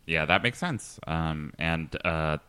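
A man hosting a comedy podcast, deadpan and hesitant, full of ums and uhs. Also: rumbling low, takes it slowly, clean tone, no echo. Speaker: podcast host.

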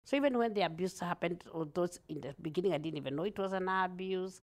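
Kenyan-accented woman, gravelly, lowish pitch, earnest, animated storyteller; interview guest. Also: fast. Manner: earnest, animated, laughs often.

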